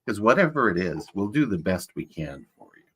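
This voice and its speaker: A man playing Santa Claus, chatting to children in a rambling, folksy way with a husky voice. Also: sits low, big pitch swings, fairly quick, a bit bright, heavily acted. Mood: jolly. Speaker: Santa performer greeting children. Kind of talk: casual in-character chat.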